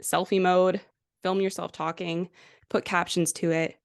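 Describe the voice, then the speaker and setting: A woman guest on a podcast, explaining advertising in a relaxed, conversational way with lots of fillers. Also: lowish voice, unhurried, vocal fry. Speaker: guest, ad specialist. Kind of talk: casual interview chat.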